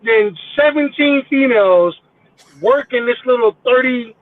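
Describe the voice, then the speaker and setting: High-voiced profane man over a phone line. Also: a little slow. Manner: profane, animated, mimics people in quotes. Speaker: podcast guest. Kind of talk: casual storytelling. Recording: tinny phone-like line, dry.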